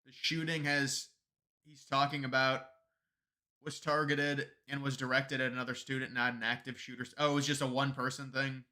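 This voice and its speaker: Bright-voiced man rambling on a live stream. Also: medium pitch, level tone, normal speed. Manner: rambling, sarcastic, many restarts. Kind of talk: casual political commentary stream.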